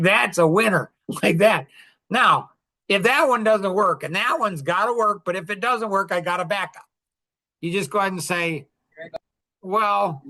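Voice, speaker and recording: Bright-voiced joking male podcast host. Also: high voice. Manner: joking, rambling, tender toward his children. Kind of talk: casual monologue.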